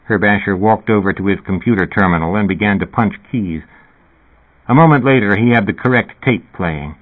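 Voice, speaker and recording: A man narrating an audiobook in a quiet, subdued manner. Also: lowish voice, moderate pace. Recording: tinny phone-like radio sound.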